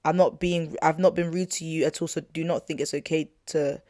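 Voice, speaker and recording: A woman's voice: low-pitched, steady tone, a little fast, mellow, dry recording, studio quality. A young woman hosting a podcast, telling a personal story in a chatty, slangy way, full of asides and "not gonna lie" fillers. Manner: indignant, retelling an argument. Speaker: podcast host. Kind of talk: casual storytelling to listeners.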